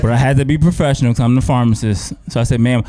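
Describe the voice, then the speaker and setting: A man's voice: medium pitch, racing. A male pharmacist doing stand-up, sassy, acting out both sides of a counter exchange. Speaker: pharmacist comedian. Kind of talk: stand-up comedy routine. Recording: live club with loud crowd and noise.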